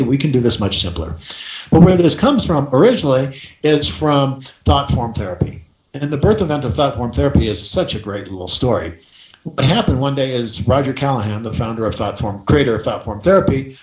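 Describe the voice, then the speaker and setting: Man hosting a coaching radio show, echoey. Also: medium pitch. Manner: lively storyteller, rhetorical "right?" asides. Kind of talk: storytelling radio talk.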